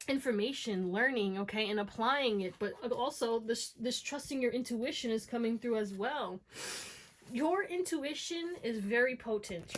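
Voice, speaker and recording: A woman giving a casual pick-a-card tarot reading, talking straight to her viewers with lots of "okay?" and "you know what I'm saying?". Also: a little high. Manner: slang-flavored, encouraging, talks to viewers as y'all. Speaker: tarot reader.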